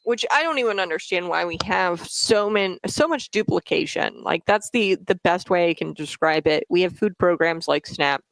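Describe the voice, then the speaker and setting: A woman's voice: fairly low pitch, lively intonation, moderate pace, vocal fry, hardly any pauses, no echo. A woman hosting a casual political commentary show, chatty and conversational, often checking in with "okay?" and sometimes stumbling over names. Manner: chatty, frequently tags "okay?".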